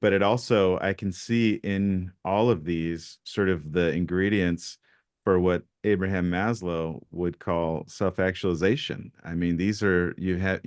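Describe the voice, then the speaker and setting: Male podcast host, very low voice, dry close recording, affirming interviewer. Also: dry recording. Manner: warm and affirming toward the guest. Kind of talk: interview hosting.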